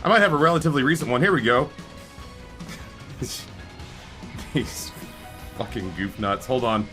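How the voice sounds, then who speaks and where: Bright-voiced man in his forties streaming. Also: mid-range voice, very animated, unhurried, faint music behind. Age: 40s. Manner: rambling and profane, greeting chatters by name. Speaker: live streamer. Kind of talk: casual live-stream chat with viewers.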